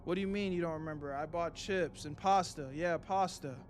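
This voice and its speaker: A young man streaming a horror game live, reacting in a panicky, excitable way, swearing and repeating himself. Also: fairly high pitch, brisk, slight background noise.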